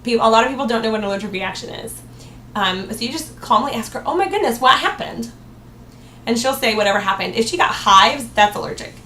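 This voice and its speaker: A woman with a fairly high voice gives a sales training talk in an upbeat tone. She acts out cheerful sample replies to customers. The room is echoey, with a faint hiss behind her. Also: fast talker, sharp tone.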